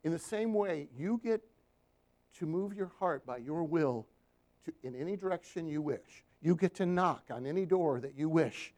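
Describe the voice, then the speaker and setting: A man's voice: fairly high pitch, moderate pace. A man preaching a sermon, telling stories from his counseling work and asking the congregation for amens. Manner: animated storytelling with call-and-response amens.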